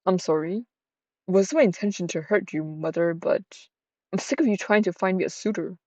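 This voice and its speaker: A proud young noblewoman with a sharp, sarcastic tongue, read aloud by a woman. Her voice sits low and mellow, and it is heard on a dull, dry lo-fi recording. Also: moderate pace, dry recording, natural voice. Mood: cool defiant. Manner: cool, sarcastic, dismissive.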